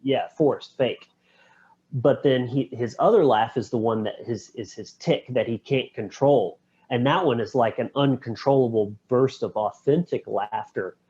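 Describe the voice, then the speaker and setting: A man co-hosting a podcast, retelling film scenes in an animated way with quick voice impressions. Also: mid-range voice, husky. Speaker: podcast co-host. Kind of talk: casual film discussion. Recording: dull, lo-fi podcast audio.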